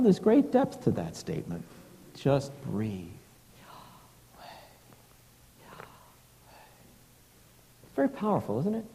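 Male preacher, mid-pitched, thoughtful and unhurried, recorded in a reverberant church. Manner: slow and reflective, with hushed breathy passages. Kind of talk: sermon.

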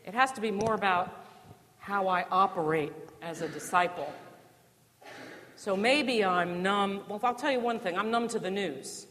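A woman's voice: mid-range voice, measured pace, fairly bright tone. A woman from New Jersey preaching a sermon in a conversational way, with rhetorical questions and dry humor, in a church. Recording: long reverb of a church.

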